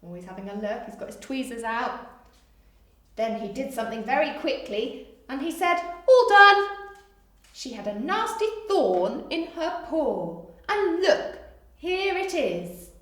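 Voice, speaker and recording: A woman reads a children's picture book aloud, slow and unhurried, with a fairly high, bright voice. Her delivery swoops up and down with animated, coaxing asides that invite the children to join in. The sound carries the echo of a bare room. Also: recorded from a distance. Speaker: storyteller for children. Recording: echoey room.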